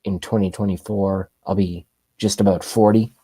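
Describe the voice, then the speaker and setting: A man's voice: on the low side, fairly even intonation, moderate pace, mellow, husky, no room sound. A man in his thirties hosting a political livestream, ranting sarcastically and rambling as he talks to his chat. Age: 30s. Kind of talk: ranting opinion commentary.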